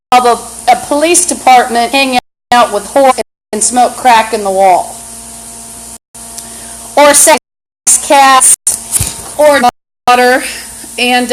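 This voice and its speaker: Woman, high voice, agitated rambling livestream monologue, phone mic at home, faint fan hum behind. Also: rough recording. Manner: agitated, rambling, with frequent restarts. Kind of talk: rambling live-stream monologue. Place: apartment indoors. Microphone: phone camera app. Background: fan and running water.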